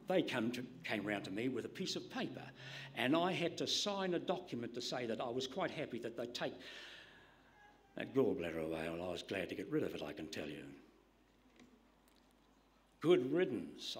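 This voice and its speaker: A man preaching a sermon in an emphatic style, dropping to hushed whispers to stress a point. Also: mid-range voice, sing-song, moderate pace.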